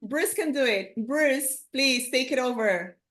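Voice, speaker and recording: A high-voiced woman runs a casual online English class. She teases the group playfully and calls on each person by name. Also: takes it slowly. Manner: lively, teasing, calls on people by name. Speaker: host of an English conversation class.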